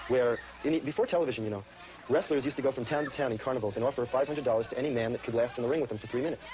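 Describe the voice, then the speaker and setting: A man's voice: mid-range voice, a little mellow, a little hiss or hum, rough recording. A man, a comedian, earnestly explaining his stage act in an archival interview.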